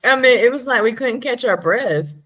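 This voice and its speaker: A woman hosting a casual chat, lively and laughing often, with an encouraging manner. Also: fairly high pitch, moderate pace.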